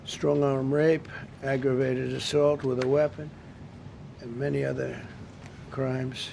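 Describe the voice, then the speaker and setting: A man's voice: medium pitch, flat delivery, slow pace, gravelly, noisy background. A man speaking off the cuff at a press briefing, rambling, repetitive and emphatic.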